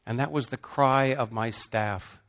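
A middle-aged man preaching, telling a story with emphatic swings between loud bursts and hushed, slow passages. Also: mid-range voice. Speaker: pastor. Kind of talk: sermon storytelling.

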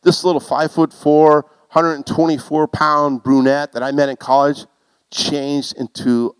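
A middle-aged man preaching a sermon through a personal story, animated and self-mocking, building to loud exclamations. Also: a little high, measured pace, smooth, dry recording, poor audio.

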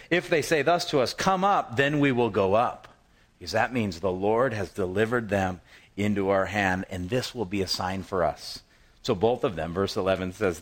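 A pastor with a mid-range voice preaches a sermon through lively, conversational storytelling. He slips into the voices of people in the passage before returning to plain talk, often restarting phrases and repeating words.

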